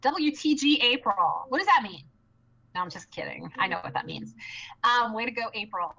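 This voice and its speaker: A woman chatting excitedly on a live stream, bubbly and rambling, with many fillers and restarts. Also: a little high, moderate pace, creaky, slightly rough, highs cut off. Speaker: live stream co-producer and host.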